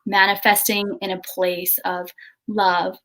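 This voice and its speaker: A middle-aged woman hosting a casual video chat, telling a story in an animated way with halting restarts. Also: medium pitch, a little hiss or hum. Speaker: host.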